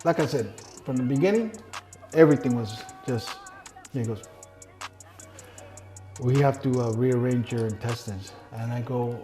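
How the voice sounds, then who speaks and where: A man's voice: mid-range voice, unhurried, pauses often, dark tone, faint music behind. A middle-aged man telling his story in a casual interview, blunt and heavy on swearing, acting out the people he quotes. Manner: profane, blunt storyteller who acts out quoted dialogue.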